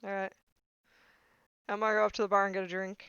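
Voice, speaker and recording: Bright joking woman player, dry lo-fi mic. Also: mid-range voice, little pitch movement, quick pace, clear, resonant tone, no echo. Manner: joking, laughing. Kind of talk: casual tabletop play.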